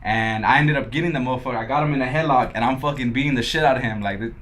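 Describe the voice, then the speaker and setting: A man's voice: medium pitch, very fast, a bit bright. A young man from Los Angeles, a podcast guest who tells his story casually, swearing often and acting out what others said. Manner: laid-back, swears a lot, quotes others in dialogue.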